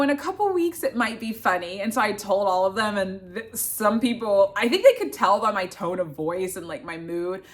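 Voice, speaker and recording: A young woman telling a casual storytime vlog, animated and swearing, acting out what others said. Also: medium pitch. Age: young adult. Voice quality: expressive, swearing, acts out voices of others. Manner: animated retelling, swings between loud and hushed. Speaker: vlogger, grad student.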